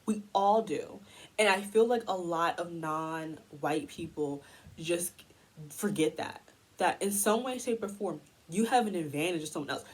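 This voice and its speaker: A woman's voice: fairly low pitch, breathy edge, rough recording. A young woman from the United States delivering a heated, exasperated commentary rant as a vlogger.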